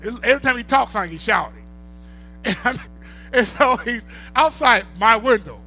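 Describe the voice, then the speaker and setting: High-voiced man preaching an emphatic sermon. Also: expressive, moderate pace, faint music behind, poor audio. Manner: emphatic, repeats phrases, swings from quiet to loud.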